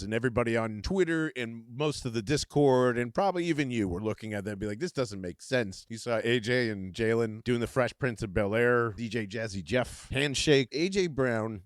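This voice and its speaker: A man's voice: mid-range voice, no echo, clean studio sound. A man hosting a casual solo sports podcast from his bed, rambling, laughing often and swearing as he gets worked up. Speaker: podcast host. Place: in bed at home.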